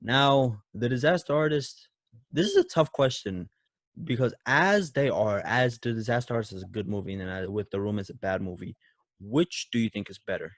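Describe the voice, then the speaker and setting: A man's voice: mid-range voice, lively intonation, moderate pace, no echo, studio quality. A man co-hosting a casual movie podcast who laughs often and acts out quotes in shifting voices. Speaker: podcast co-host.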